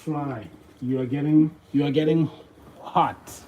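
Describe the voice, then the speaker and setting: A man's voice: medium pitch, takes it slowly, highs cut off, slight background noise. A man with a Southern African accent, playfully teasing viewers as he answers their guesses in a casual live stream. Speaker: livestream host reading chat.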